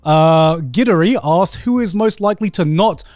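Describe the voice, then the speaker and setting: High-voiced laid-back podcast man. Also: animated, normal speed, a little mellow. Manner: laid-back, chuckling storyteller. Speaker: podcast co-host. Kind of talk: casual group chat.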